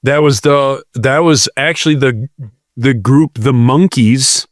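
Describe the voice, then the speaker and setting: A man's voice: medium pitch, takes it slowly, dry recording, studio quality. A man co-hosting a casual comedic podcast, rambling and playful as he makes jokes and plugs the show. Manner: joking, rambling, playful asides. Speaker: podcast co-host.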